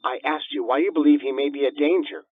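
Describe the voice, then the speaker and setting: A man voicing a harried female emergency operator who questions the caller in a brisk, clipped way. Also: a little high, fairly even intonation, no room sound, narrow, tinny audio, natural voice.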